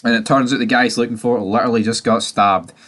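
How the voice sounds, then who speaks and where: A man's voice: mid-range voice, steady tone, fast, a bit bright. Sweary man recapping a show. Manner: sweary, opinionated, mocking. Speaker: TV series recapper. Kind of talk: casual TV recap.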